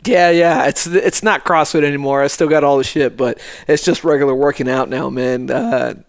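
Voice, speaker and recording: A man hosting a podcast, relaxed and profane, laughing often while chatting with his guest. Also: medium pitch, normal speed, vocal fry, dry recording, studio quality. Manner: laid-back, laughing, profane. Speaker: podcast host. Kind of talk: casual podcast chat.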